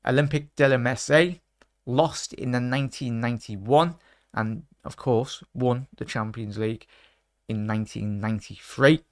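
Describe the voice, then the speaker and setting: Scouse guy running a quiz stream, rambly and chatty, keeps fixing his own slips, normal mid pitch. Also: moderate pace. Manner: chatty, rambling, corrects himself often. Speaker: quiz host. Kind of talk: casual live-stream quiz chat.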